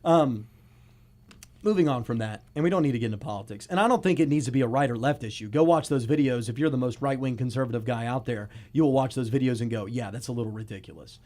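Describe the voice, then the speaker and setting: A young man in his early twenties hosting a casual podcast, retelling stories in an animated way and often laughing as he talks. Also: mid-range voice, fast talker. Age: early 20s. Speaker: podcast host.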